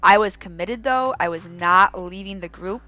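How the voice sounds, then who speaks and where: A woman in her thirties, a podcast co-host, chatting casually and telling stories with lively laughs. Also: mid-range voice, normal speed, no room sound. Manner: animated storytelling with laughs. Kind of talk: casual chat.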